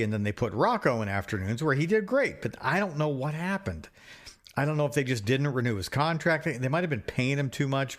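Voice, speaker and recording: A middle-aged man co-hosting a podcast, telling stories in casual chat, swearing freely and repeating himself. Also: mid-range voice. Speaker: podcast co-host.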